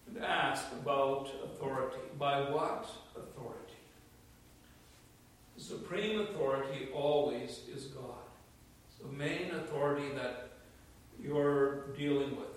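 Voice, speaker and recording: An older male pastor delivers a sermon in a measured, deliberate way, leaning on slow repetitions for emphasis. His slightly raised voice carries through a very echoey sanctuary, picked up from a distance with some faint background noise. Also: a little high. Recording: roomy echo from a distant mic.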